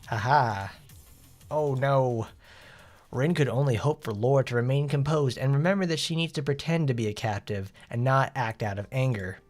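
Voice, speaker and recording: A man casually streaming a game, reading its story aloud and chatting between lines in a relaxed, self-interrupting way. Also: mid-range voice, a little fast, hardly any pauses, soft background music.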